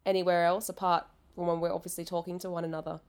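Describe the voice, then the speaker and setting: A woman from Australia with an Australian accent, chatting casually on a podcast, bubbly and quick to laugh. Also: on the low side, little pitch movement, darkish tone, clear, resonant tone. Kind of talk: casual chat.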